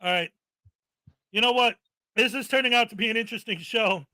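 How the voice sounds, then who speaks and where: A man co-hosting a live stream in casual chat, joking and mocking, quick to laugh. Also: sits high, sharp tone.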